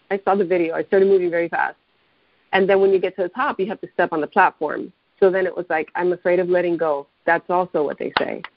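A woman's voice: fairly low pitch, no echo. A woman coach telling a personal story in a candid, emotional way, often restarting her sentences. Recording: dull, dry lo-fi recording.

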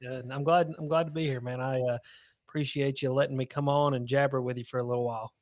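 A man's voice: mid-range voice, fairly even intonation, fast talker, a little mellow, no room sound, clean studio sound. A man with a Southern US accent, a guest on a podcast, chatting and joking in a rambling way. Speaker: guest, fishing content creator. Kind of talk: casual interview chat.

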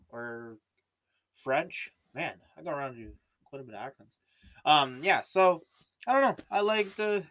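A man's voice: fairly high pitch, fairly bright tone. Rambling Canadian man hosting a podcast. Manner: rambling, many fillers and restarts. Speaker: podcast host. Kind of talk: solo casual podcast monologue.

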